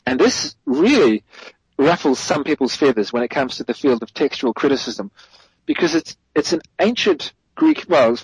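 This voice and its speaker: A man's voice: on the high side, big pitch swings, normal speed, breathy edge, no echo, low-quality recording. A man as a guest theologian, giving a thoughtful explanatory answer in an interview, correcting himself as he goes and stressing key points.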